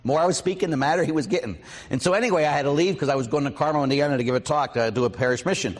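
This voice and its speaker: Priest telling stories in a reverberant hall. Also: male voice, a little high, very fast. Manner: storytelling, lively quoted voices, asks audience questions. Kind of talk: parish mission talk.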